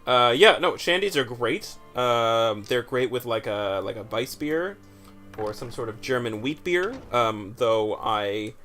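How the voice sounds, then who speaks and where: An easygoing man running a game playthrough who chats, laughs along with his co-hosts and asks what to do next. His voice sits at a middle pitch, with faint music playing behind him. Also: animated, a little slow, a bit bright. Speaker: let's play player. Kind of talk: casual gameplay commentary.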